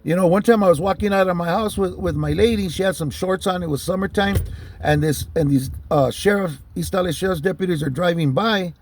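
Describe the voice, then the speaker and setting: A man's voice: high-pitched, fairly quick, a little hiss or hum. A man telling personal stories in a heated, profane, rambling way. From Southern California. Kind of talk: casual storytelling monologue.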